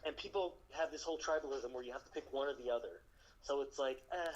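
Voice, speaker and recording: A Navy veteran telling stories in casual chat, acting out the people in them. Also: male voice, mid-range voice, quick pace, muffled recording. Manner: animated, acts out the people in his stories.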